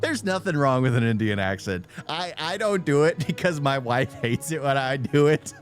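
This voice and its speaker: A man casually reacting to news clips, animated and stammering, laughing often. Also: mid-range voice, moderate pace, soft background music. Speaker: reaction streamer.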